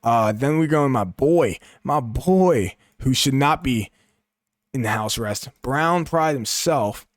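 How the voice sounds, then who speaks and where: A man's voice: mid-range voice, lively intonation, slow pace, dry recording, clean studio sound. A young man giving blunt, profane, offhand commentary on his fighter rankings, thinking aloud as he types. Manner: profane, blunt and offhand, musing aloud while typing searches. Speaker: MMA commentary YouTuber.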